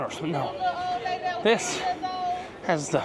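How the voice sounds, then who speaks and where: High-voiced chatty man vlogging outdoors. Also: expressive, moderate pace, crowd noise. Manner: chatty, rambling, jokey tour guide. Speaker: travel vlogger and host. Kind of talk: casual walking-tour commentary. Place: outdoors on a cruise ship and walking through a small town. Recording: noisy outdoor recording with passing vehicles.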